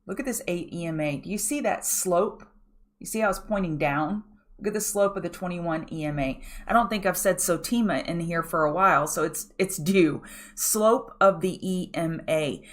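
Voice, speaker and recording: A woman's voice: on the low side, moderate pace. A woman hosting a pre-market trading show, walking viewers through charts in a direct, coaching way and often asking them to look at the chart. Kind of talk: live chart analysis walkthrough.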